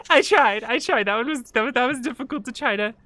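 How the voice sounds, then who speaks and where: A woman's voice: sits high, expressive, brisk, fairly bright tone, no echo. A woman hosting a tabletop game stream, playful and self-deprecating, laughing often. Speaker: host.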